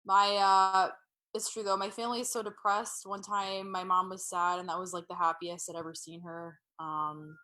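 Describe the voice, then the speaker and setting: Young woman doing deadpan standup over a video call, umms a lot, bright tone. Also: mid-range voice, normal speed. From Eastern Europe. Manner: deadpan, with frequent ums. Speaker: stand-up comedian. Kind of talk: stand-up comedy monologue.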